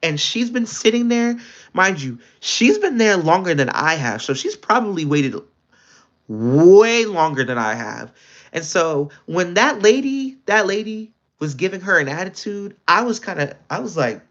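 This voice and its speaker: A young man livestreaming, telling a story in casual chat, animated and exasperated, with his pitch jumping up often. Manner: animated, exasperated retelling with quick pitch jumps. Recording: dull lo-fi stream audio.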